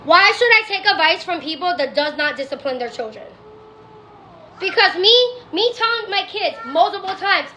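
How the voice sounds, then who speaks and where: A woman's voice: very high-pitched, animated, normal speed, sharp tone, roomy sound, slight background noise, low-quality recording. A woman streaming casually from her home, blunt, profane and ranting as she talks back to viewers. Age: adult. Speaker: TikTok live streamer. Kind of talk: casual livestream chat.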